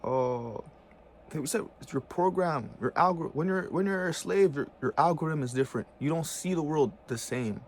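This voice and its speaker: A man with a slightly high voice rants at a moderate pace on his vlog, with slight background noise. The tone is heated and casual, with plenty of profane slang and frequent "bro" and "you know what I'm saying."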